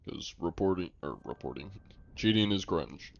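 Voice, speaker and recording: A young adult man streaming a game live, chatting casually with viewers in a relaxed, rambling way full of fillers. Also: low voice, normal speed, vocal fry, muffled recording. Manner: relaxed and rambling, lots of "like" and fillers, joking with chat. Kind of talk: casual live-stream chat while gaming.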